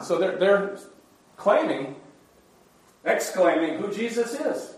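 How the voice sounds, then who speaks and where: A man's voice: lively intonation, slow pace, pauses often, distant mic. A man leading an informal Bible study, explaining passages in a conversational way and acting out the quoted voices. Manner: conversational, acts out the quoted voices with rising pitch. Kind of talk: informal Bible class teaching. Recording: roomy hall recorded from afar.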